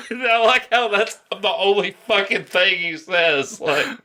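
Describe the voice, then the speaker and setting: A man's voice: sits high, sharp tone, slight background noise. A man co-hosting a gaming podcast, talking casually with a lot of swearing and frequent laughter. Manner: profane, emphatic, laughs often. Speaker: podcast co-host. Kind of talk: casual chat.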